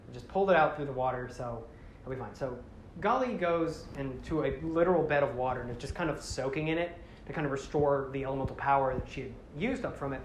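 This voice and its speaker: A man casually retelling a movie plot, rambling and correcting himself, and acting out the characters' lines with sudden loud outbursts. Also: on the high side. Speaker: podcast host. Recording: roomy echo with faint background noise.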